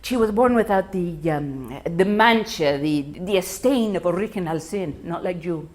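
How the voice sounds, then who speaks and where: A woman playing her excitable, religious older mother-in-law, fussing loudly and mixing in Spanish phrases. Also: unhurried, background noise. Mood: preachy. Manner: high, loud, fussing, Spanish phrases mixed in.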